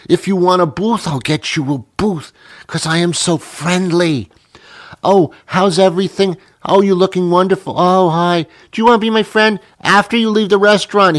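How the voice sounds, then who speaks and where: A man's voice: sits high, no echo, pitched above the performer's own voice, lightly acted. A man voicing a gushing, overfriendly woman restaurant hostess who gasps between lines. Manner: breathless gushing, gasping.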